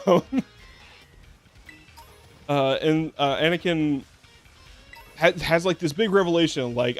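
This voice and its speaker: A man's voice: on the high side, fairly even intonation, unhurried, pauses often, fairly bright tone, soft background music. A man streaming a game and chatting casually, rambling with lots of fillers and restarts, sarcastic and swearing now and then. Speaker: VTuber streamer. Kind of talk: casual gameplay commentary.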